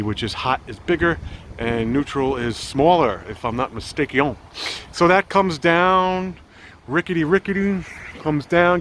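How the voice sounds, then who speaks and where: Man, casual vlogger, fairly high voice, jokey game-show-host patter, outdoors, faint traffic behind. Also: a bit bright. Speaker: home video host. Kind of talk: casual walkthrough vlog. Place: outdoors around a house.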